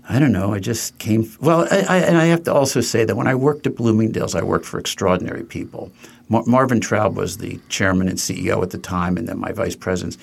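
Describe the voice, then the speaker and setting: A man's voice: fairly low pitch, gravelly. An older man from New Jersey, a furniture company co-founder, telling anecdotes in a casual interview and acting out the people he quotes. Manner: anecdotal, acts out quoted voices, frequent restarts.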